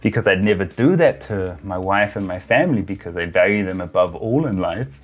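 A man's voice: low-pitched, expressive, a little fast. Chatty New man telling a story. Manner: chatty, uses filler words. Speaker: travel vlogger. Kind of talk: casual storytelling to camera.

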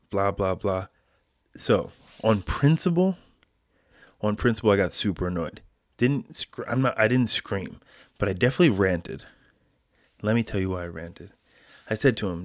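A man's voice: on the low side, expressive, moderate pace, pauses often, no room sound, clean studio sound. A man hosting a solo podcast, ranting in a casual, slangy way and calling people bro. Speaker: podcast host. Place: home, quarantine.

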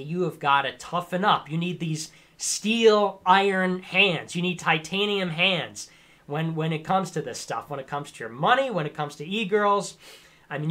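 A man in his twenties giving a sarcastic, lecturing rant on a livestream, sometimes bursting into shouts. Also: sits high. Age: 20s. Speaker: streamer. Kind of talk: ranting livestream commentary.

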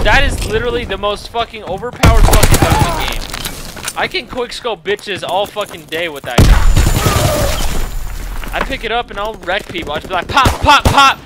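A man's voice: sits high, normal speed, very noisy. A young man giving profane, frustrated gameplay commentary, breaking into angry outbursts. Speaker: gaming video creator. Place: at home playing a console shooter. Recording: loud gunfire from the game behind the voice.

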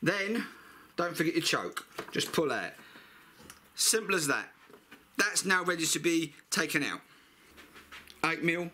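Chatty man with a bright voice. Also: fairly high pitch, expressive, a little slow, pauses often, a little hiss or hum. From United Kingdom. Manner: chatty, blunt, swears freely. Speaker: mechanic vlogger. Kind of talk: casual repair tutorial.

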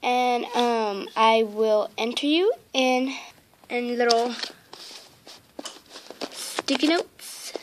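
Speaking very slowly with long pauses, this woman has a fairly high pitch and steady tone, with a little hiss or hum in the recording. She's a toy unboxing vlogger at home, rambling and gushing to camera through a handheld mic, with lots of ums and repeated exclamations.

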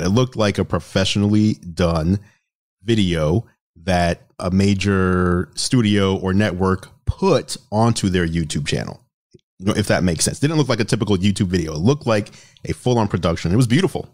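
A man's voice: sits low, moderate pace, a little mellow. A man hosting a tech podcast, chatting casually and steering the conversation to the next topic. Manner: affable, complimentary, steers the segments. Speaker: podcast host.

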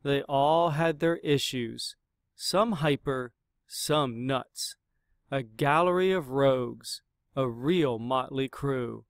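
A man reading a rhyming picture book aloud in an expressive, dramatic way. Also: mid-range voice, slow pace, smooth, no echo, studio quality. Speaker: storyteller.

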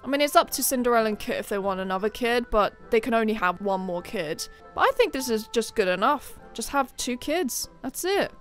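A woman giving casual gameplay commentary, chatty and excitable, with sudden shrieks of surprise. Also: fairly high pitch, a little fast, hardly any pauses, soft background music. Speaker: game commentator.

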